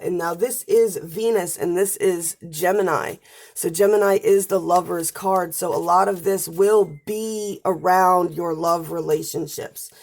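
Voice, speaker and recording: A woman's voice: on the low side, creaky, a little mellow. A woman giving a casual spoken astrology and tarot forecast, chatty and talking straight to viewers, her voice wearing out as she goes. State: losing her voice.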